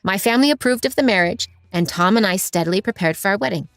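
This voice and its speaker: A woman giving an even, storytelling narration of a first-person story. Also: medium pitch, fast, dry recording. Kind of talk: scripted narration. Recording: dry voice over faint music.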